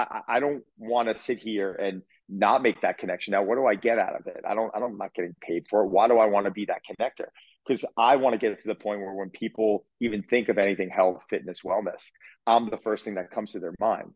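A man's voice: lowish voice, no room sound, poor audio. A man in his forties, a fitness coach talking as a podcast guest over a video call, emphatic and blunt with casual swearing. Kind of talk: casual interview talk.

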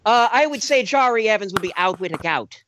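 A man's voice: high voice, animated, a little fast, a bit bright, a little hiss or hum, rough recording. A man doing a put-on Irish accent as a rambling, joking Irish character on a casual podcast, hesitating with many "uh"s. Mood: mock-serious. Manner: hesitant, full of "uh" and restarts. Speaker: podcast co-host.

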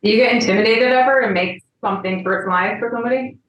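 A woman's voice: a little high, racing, a bit bright, roomy sound, rough recording. A woman hosting a podcast, asking friendly questions and trailing off now and then. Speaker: podcast host. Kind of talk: interview questions, casual chat.

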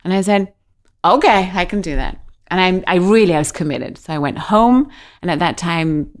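A middle-aged woman tells a story from her own life in a relaxed interview. Her voice sits a little low, and she speaks in an animated way, acting out the people she quotes. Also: moderate pace. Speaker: guest. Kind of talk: casual storytelling.

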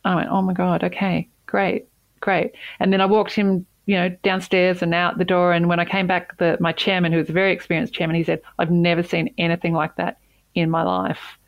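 A woman's voice: on the low side, flat delivery, brisk, gravelly, dry recording, lo-fi sound. A woman who is a company CEO, telling a personal story in an interview in an earnest, emphatic way, repeating words for stress.

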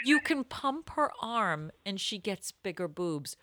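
A woman co-hosting a podcast, chatting playfully, yelling names for laughs and reading old newspaper columns aloud with wry comments. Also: mid-range voice, big pitch swings, slow pace, a little hiss or hum. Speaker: podcast co-host. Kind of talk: casual comedic chat.

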